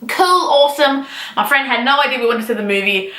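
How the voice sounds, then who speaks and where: A woman rants to camera in a high, bright voice that leaps around in pitch. She swears freely and never loses steam. The room around her is echoey. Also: fast talker. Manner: animated, swears freely, ranting. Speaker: book vlogger. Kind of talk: casual rant to camera.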